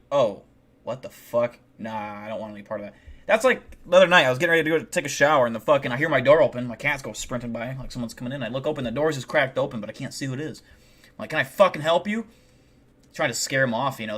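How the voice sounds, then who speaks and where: A man hosting a live stream, telling a story casually and swearing a lot. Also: mid-range voice. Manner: profanity-heavy, animated retelling. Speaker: livestream host.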